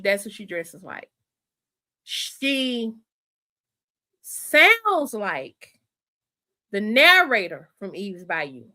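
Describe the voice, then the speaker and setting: A woman hosting a casual livestream chat, animated and thinking aloud, calling her viewers y'all and honey. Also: medium pitch. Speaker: livestream host.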